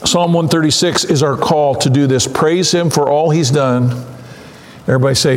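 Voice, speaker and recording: A man with a high voice preaches an animated sermon and keeps building toward shouted exclamations. His words ring out with a long reverb, as if he is in a large, echoing church sanctuary. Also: moderate pace, slight background noise. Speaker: pastor. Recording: echoey hall.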